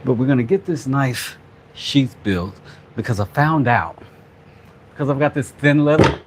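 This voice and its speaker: A man's voice: medium pitch, measured pace, pauses often, a little hiss or hum. A man hosting a casual workshop vlog, rambling playfully with jokey asides as he works. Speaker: craft channel host, father.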